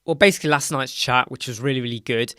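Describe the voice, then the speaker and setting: A man's voice: medium pitch, fast, bright, forceful tone, clean tone, dry recording, clean studio sound. A tired British man hosting a live Q&A stream, explaining things casually with rambling self-corrections. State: tired, yawning. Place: dark home studio with soundproof panels.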